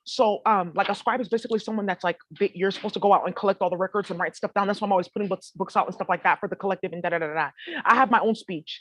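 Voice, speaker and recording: A woman's voice: medium pitch, racing, slight background noise. A woman vlogger talking casually to her viewers, swearing freely and rambling in slangy asides. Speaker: spiritual vlogger.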